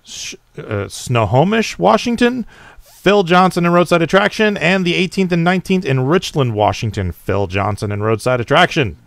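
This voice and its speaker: A man hosting a casual podcast, briskly reading out a list of announcements. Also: on the high side, expressive, creaky, no echo. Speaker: podcast host.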